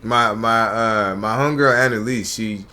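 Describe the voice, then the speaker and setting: A man's voice: mid-range voice, normal speed, bright, forceful tone. A man who is a comedian, a podcast guest in casual chat, given to joking, profane banter.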